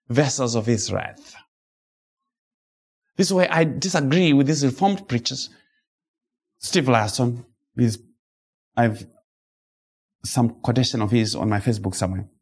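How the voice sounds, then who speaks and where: A man preaching an expository sermon, emphatic and rhetorical, reading scripture slowly and dramatically, with sudden high-pitched outbursts.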